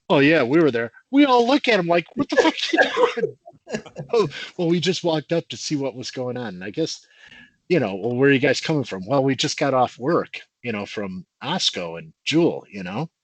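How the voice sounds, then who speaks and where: A middle-aged man telling a long, animated story to old friends on a podcast, laughing as he goes. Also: medium pitch, normal speed, dry recording, poor audio. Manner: animated anecdote teller who laughs through his story. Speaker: podcast guest.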